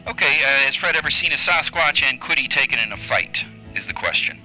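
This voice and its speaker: Bright-voiced male call screener. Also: medium pitch, animated, fairly quick, faint music behind, rough recording. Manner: upbeat, repeats callers' questions back. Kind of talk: comic live call-in chat.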